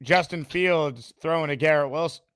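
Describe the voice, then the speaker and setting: A man's voice: fairly high pitch, normal speed, a bit bright, smooth. A man off camera chiming in with short teasing remarks.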